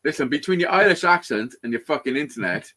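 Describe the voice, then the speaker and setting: A man's voice: a little high, lively intonation, fast talker, sharp tone. A man hosting a casual live stream chat, swearing a lot and laughing often.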